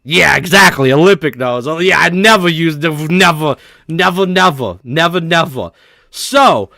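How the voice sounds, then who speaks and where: A man's voice: on the high side, a little slow, gravelly, sharp tone, no room sound, studio quality. A man giving casual live-stream commentary to his chat, laughing hard and swearing as he reacts to a clip, at a desk microphone in his home setup. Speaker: livestreamer.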